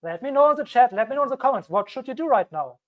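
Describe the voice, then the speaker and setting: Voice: high voice, lively intonation, rapid-fire, narrow, tinny audio. A crypto channel host giving emphatic solo commentary on a cheap microphone, repeating key warnings and acting out panicky investors.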